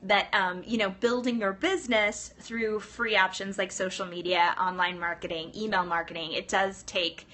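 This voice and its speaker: Upbeat, bright-voiced woman live-streaming. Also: medium pitch. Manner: upbeat, chatty, greets viewers often, says "right?" a lot; talks quickly when excited. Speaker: Pilates studio owner live-streaming to viewers. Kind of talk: casual live-stream talk. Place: indoors in New York City.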